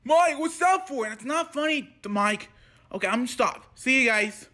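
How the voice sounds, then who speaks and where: A man's voice: very high-pitched, animated, normal speed, background noise. A man acting out a playful homemade skit, switching between put-on character voices.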